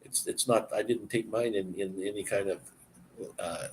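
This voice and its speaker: A man chatting casually and explaining words, halting and searching for words as he goes. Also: fairly low pitch, steady tone, a little hiss or hum. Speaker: person explaining language to a visitor. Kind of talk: casual chat.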